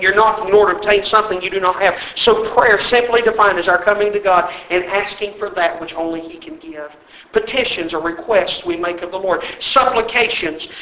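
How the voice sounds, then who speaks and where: A male preacher delivering an emphatic, exhorting sermon, hammering home key words. His voice sits very high and sounds bright and forceful. The sound rings through a roomy sanctuary.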